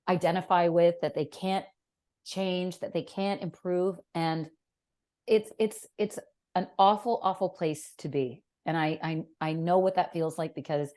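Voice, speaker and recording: A woman in her fifties, a fitness professional, talking animatedly and bluntly as a podcast guest. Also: on the low side. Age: 50s. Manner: animated, emphatic, blunt with swearing. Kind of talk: casual interview chat.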